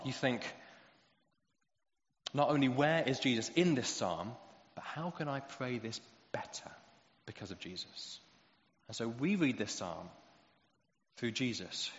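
A man preaching a sermon, animated as he acts out quoted voices. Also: mid-range voice, unhurried, long pauses, a little hiss or hum. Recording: roomy hall echo, dull lo-fi sound.

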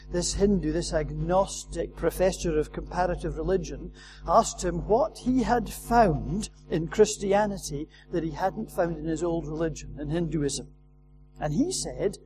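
A man's voice: high voice, dark tone, slight background noise, poor audio. A man preaching a sermon, earnest and emphatic, repeating his key phrases for weight.

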